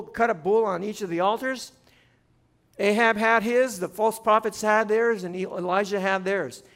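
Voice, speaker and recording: Animated man with a bright, high voice. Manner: animated storytelling with asides to the congregation. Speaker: pastor. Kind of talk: sermon.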